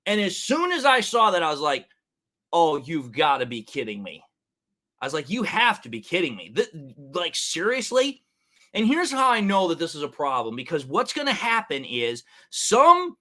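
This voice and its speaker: A male sports talk show host giving heated, animated commentary, often saying "it's like, dude". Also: high-pitched. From Detroit area.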